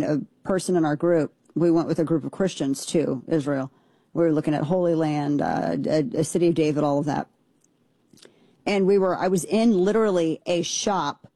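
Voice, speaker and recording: Brief: lower-voiced woman, mellow tone, forceful opinion talk, dry close recording. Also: no echo. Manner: emphatic, blunt, rambling with restarts. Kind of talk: opinionated monologue.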